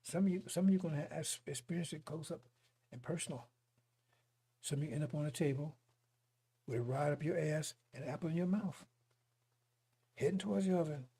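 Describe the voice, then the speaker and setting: A man preaching a broadcast sermon in a fiery, mocking way, with a deeply husky, gravelly voice. His tone is dark and mellow, set a bit higher than most men, and he breaks into chuckles between points. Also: a little fast, long pauses.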